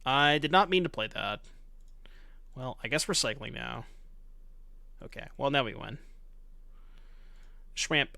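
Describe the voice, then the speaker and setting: A man's voice: medium pitch, creaky, sharp tone, dry recording. A man giving casual commentary on his online card game, thinking aloud in a chatty, self-mocking way and swearing now and then.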